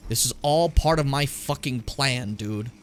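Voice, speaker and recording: A man's voice: mid-range voice, unhurried, a little hiss or hum. A man streaming a video game with a co-host, chatting casually, cracking jokes, swearing and dropping into silly voices. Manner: animated, jokey, swears, breaks into silly impressions. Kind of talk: casual gaming stream chat.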